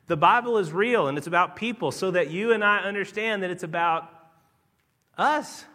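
Male pastor, high lively voice, bright and forceful, preaching with dramatic emphasis. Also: normal speed. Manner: emphatic, dramatic swings in pace and loudness. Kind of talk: sermon.

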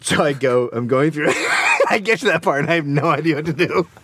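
A man tells a comedic story in casual podcast banter, acting out each voice and swearing freely. His voice sits high and bright and swings widely in pitch. A faint hiss runs under the recording. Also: fairly quick.

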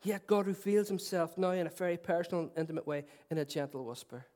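A middle-aged man preaching a sermon, earnest and swinging between loud declarations and soft, tender passages, with self-deprecating humour. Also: high voice, fast. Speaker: pastor.

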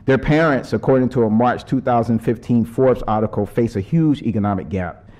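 A man with a dark, mellow tone delivers a prepared speech in an earnest, measured way. When he steps away from his text, his talk turns loose and conversational. He speaks at a middling pitch. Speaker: panel speaker. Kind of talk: prepared speech with ad-libbed asides.

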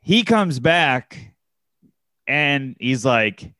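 A man's voice: mid-range voice, a little slow, fairly bright tone, smooth, dry recording, studio quality. A man casually telling a long anecdote, with many fillers and restarts. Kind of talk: casual chat, storytelling.

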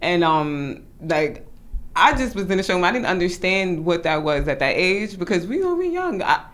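Young adult woman, fashion designer, loose slangy chat, slightly low voice. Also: moderate pace. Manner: laid-back, slangy, animated when telling stories. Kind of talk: casual chat.

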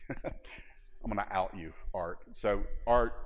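Animated pastor preaching in a reverberant hall. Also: male voice, fairly low pitch, slow pace, pauses often. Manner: animated, humorous, acts out little scenes. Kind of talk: sermon.

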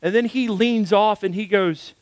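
A man's voice: high-pitched, normal speed, no room sound. A male pastor giving a storytelling sermon in a conversational way, with frequent fillers.

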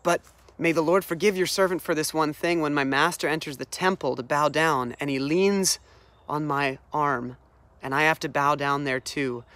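A preacher voicing a hot-headed proud army commander. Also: male voice, on the high side, fairly even intonation, normal speed, fairly bright tone, no echo, close to an everyday voice. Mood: pleading.

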